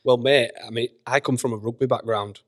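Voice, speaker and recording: A man from Leeds, a guest personal trainer, chatting frankly and swearing casually, with plenty of quick yeahs. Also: mid-range voice, fairly even intonation. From Leeds, England. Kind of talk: casual chat. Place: gym.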